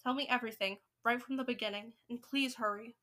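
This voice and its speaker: A woman's voice: on the high side, fairly even intonation, fast talker, bright, forceful tone. A woman voicing a shrewd, cigar-smoking old grandmother who is fond of her grandson, read aloud from a storybook. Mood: brisk.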